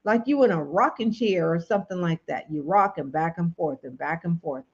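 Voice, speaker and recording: A woman's voice: on the low side, normal speed, slightly rough. A woman hosting a late-night livestream, talking to viewers in a preachy, questioning way. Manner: preachy, asks the audience questions, greets viewers. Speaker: livestream host. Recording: dull lo-fi stream audio.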